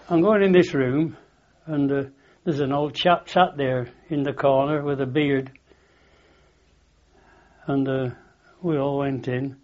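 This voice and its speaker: A man's voice: a little high, a little mellow. An older man with a Lancashire accent tells a long rambling story in a chatty interview, repeating "I said" and laughing at his own tale. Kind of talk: rambling anecdotal reminiscence. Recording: dull lo-fi recording.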